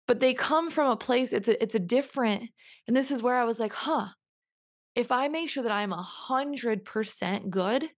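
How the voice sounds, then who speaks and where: A woman's voice: fairly high pitch, normal speed. Young woman hosting her own show; earnest, reflective solo talk, circling back and restarting lines for emphasis. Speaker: podcast host.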